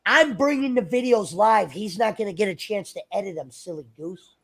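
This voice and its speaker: A man's voice: sits high, moderate pace, a bit bright. A man chatting on a livestream in a rambling, argumentative, profane way. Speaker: stream guest. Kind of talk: casual livestream chat.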